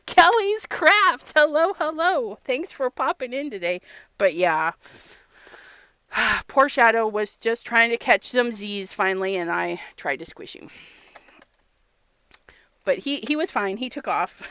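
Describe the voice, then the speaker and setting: This woman's voice sits fairly high and sounds smooth, captured on a dry recording. Crafting live on a casual stream, she chats away, telling stories full of laughter, acting out small quotes, and greeting the people watching.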